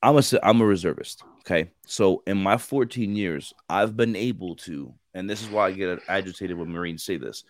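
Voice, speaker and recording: A man co-hosting a podcast, telling stories in casual chat and acting out the other people's voices in a lively way. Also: low-pitched, normal speed, few pauses, no echo. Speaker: podcast co-host.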